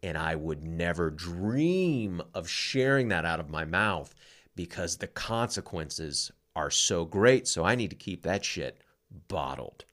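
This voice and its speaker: A man with a deep, low voice co-hosts a relationship podcast. He talks openly and bluntly about personal things, and drops casual swear words. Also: expressive, a little slow, fairly bright tone. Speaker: podcast co-host.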